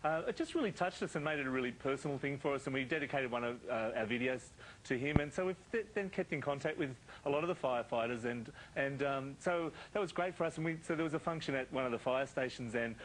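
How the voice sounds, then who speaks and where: A man's voice: medium pitch, quick pace, slight background noise, low-quality recording. A man, a children's entertainer, speaking earnestly in a live TV interview with many fillers and restarts.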